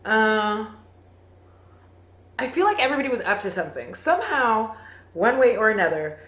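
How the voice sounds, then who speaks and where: A woman's voice: mid-range voice, a bit bright. A woman hosting a comedic movie recap, rambling and profane with lots of fillers and self-mocking asides. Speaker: host. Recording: roomy echo.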